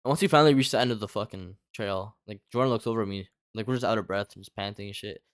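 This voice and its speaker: Fast rambling young man, dry sound. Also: lowish voice, clean tone, no echo. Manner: rambling, heavy filler "like", lots of swearing. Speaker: storyteller. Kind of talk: casual storytime chat.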